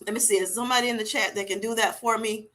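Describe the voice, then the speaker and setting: Eine Frau mit heller, klarer Stimme moderiert locker einen Livestream. Sie plaudert gesprächig, liest Zuschauerkommentare vor und streut oft "you know" ein. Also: female voice, on the high side, steady tone, racing, fairly bright tone. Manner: chatty, lots of fillers like "you know" and "y'all". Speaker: livestream host. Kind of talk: casual livestream chat, reading viewer comments aloud.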